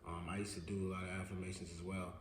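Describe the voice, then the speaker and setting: A man's voice: deep voice, little pitch movement, racing. A man talking casually and thoughtfully, matter-of-fact, with some fillers. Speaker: co-host. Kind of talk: casual motivational talk. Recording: echoey room with ambient noise.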